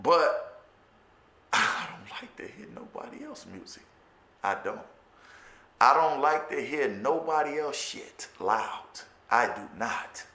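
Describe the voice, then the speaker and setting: Animated, stammering Chicago man, roomy echo. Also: mid-range voice, slow pace. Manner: profane, stammers and repeats words, animated. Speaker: formerly incarcerated storyteller. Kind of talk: candid personal storytelling monologue.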